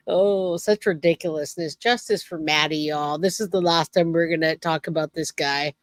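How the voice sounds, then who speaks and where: A woman's voice: low-pitched, a little slow, no echo. A woman, hosting a true crime channel and talking straight to viewers with indignant emphasis. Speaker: host. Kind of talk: casual commentary.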